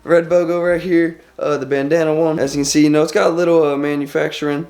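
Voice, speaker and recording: A young man with a sick-sounding voice, excitedly rambling in slang through a casual unboxing vlog. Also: fairly high pitch, very fast, vocal fry. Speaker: vlogger.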